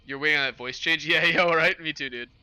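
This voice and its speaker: A young man hosting a livestream, chatting casually with his chat in a relaxed, rambling way. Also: a little high, quick pace, smooth, dry recording, soft background music. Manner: relaxed rambling with fillers and laughs. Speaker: livestream host. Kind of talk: casual stream chat with chat readers.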